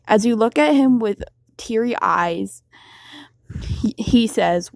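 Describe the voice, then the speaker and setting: A woman's voice: a little high, slow pace, gravelly, darkish tone, dry recording. A woman narrating an unscripted self-insert story in a casual, rambling way, with fillers and restarts.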